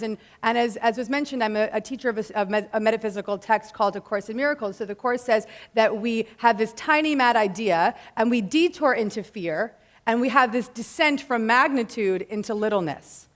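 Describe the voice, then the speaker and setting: A woman's voice: on the high side, normal speed, hardly any pauses. A woman in her thirties giving an earnest inspirational talk to a live audience, mixing casual slang with spiritual phrasing. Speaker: motivational speaker.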